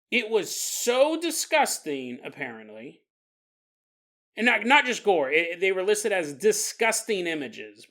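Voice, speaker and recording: A man in his forties hosting a podcast, telling a paranormal story with jokes and silly put-on voices. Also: high-pitched. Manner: jokey, animated, puts on silly voices for listeners. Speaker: podcast host.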